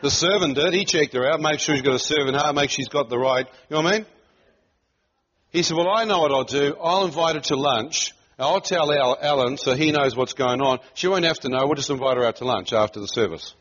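This sermon features a middle-aged man from New Zealand recounting something from his own life, laughing frequently and dramatizing the quotes. He talks a little fast in a slightly high voice, captured on muffled lo-fi sound.

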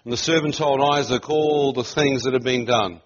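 Man, middle-aged preacher, lively storytelling, muffled lo-fi recording. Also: mid-range voice, normal speed. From New Zealand. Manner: animated, laughs often, acts out quoted voices. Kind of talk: sermon storytelling. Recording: muffled lo-fi sound.

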